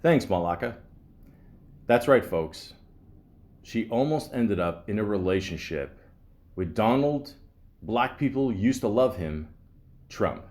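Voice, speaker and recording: Man, podcast host, lowish voice, slow and lively, sarcastic joking asides. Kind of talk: reading a script with joking asides.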